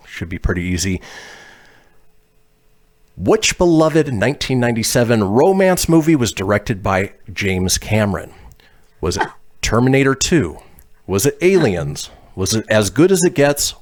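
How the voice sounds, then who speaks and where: A man's voice: mid-range voice, very animated, measured pace. A man hosting a pop culture trivia quiz on a podcast, reading out questions and multiple-choice options. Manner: reads questions and options, laughs easily. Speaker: game show host.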